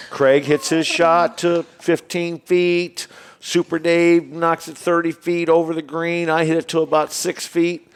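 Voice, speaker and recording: A man from Illinois, a golf course owner telling stories as a podcast guest in animated casual talk. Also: on the high side. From Springfield, Illinois, USA. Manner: animated, acts out other people's lines in quoted speech. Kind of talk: casual storytelling.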